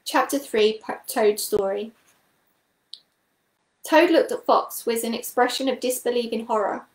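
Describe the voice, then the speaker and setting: A woman reading a children's book aloud in clear, even storybook narration. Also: fairly high pitch, a little slow, roomy sound, low-quality recording.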